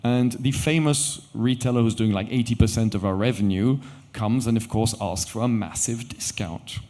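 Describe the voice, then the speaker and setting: A middle-aged man, a company founder, telling a story on stage with animated quoted dialogue. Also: mid-range voice, moderate pace. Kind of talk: conference storytelling talk. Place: event stage.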